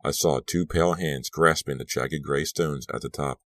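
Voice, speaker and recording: A man narrating a horror audiobook in a measured, tense reading. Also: rumbling low, fairly bright tone, dry recording.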